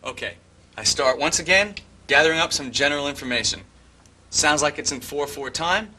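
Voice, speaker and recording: An older man teaching drum parts step by step, explaining calmly and humming bass lines as he goes. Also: moderate pace, faint music behind. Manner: methodical, hums bass lines as syllables. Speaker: drum instructor. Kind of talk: instructional explanation with count-ins.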